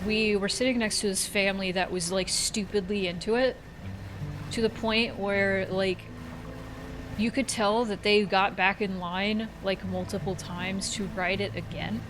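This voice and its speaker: A woman in her thirties from Central Florida streams a game over music, speaking at a measured pace with a steady, medium-pitched tone and long pauses. Her casual commentary rambles into stories, with some swearing and laughter at herself.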